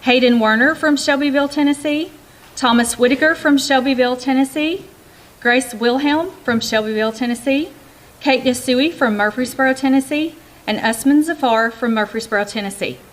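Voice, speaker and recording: A woman's voice: sits high, low-quality recording. A woman teacher giving formal, polite announcements at a school event. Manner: measured, polite. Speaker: teacher hosting declamations.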